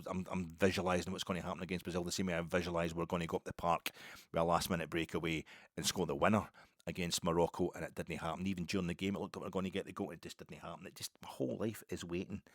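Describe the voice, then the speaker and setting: A Scottish man talking in a rambling, sweary casual monologue as a football podcaster, with loud bursts. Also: sits low, no room sound, clean studio sound.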